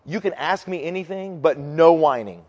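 A middle-aged man preaches in a large church hall, and his voice sits a little high for a man. He tells the scripture as a lively, joking story. A long reverb trails each phrase. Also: moderate pace, highs cut off. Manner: animated, jokey, acts out voices. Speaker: pastor. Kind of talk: storytelling sermon.

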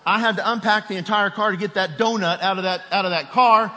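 A man's voice: sits high, fairly even intonation, quick pace, sharp tone, in a large hall. A middle-aged man preaching a sermon, telling a personal story with rising emotion and a raised voice at its peak.

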